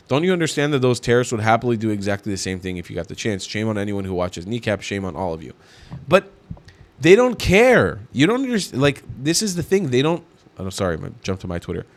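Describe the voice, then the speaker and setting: A man giving indignant, mocking reaction commentary on video clips. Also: on the low side.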